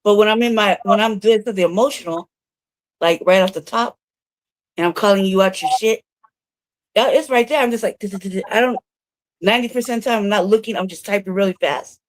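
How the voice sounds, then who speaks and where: A woman's voice: mid-range voice, a little fast, no room sound. A woman co-hosting a casual talk show from her own room, telling stories in a profane, laughing way. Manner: profane storyteller, laughs often. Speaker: co-host of a news talk show. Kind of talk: casual chat.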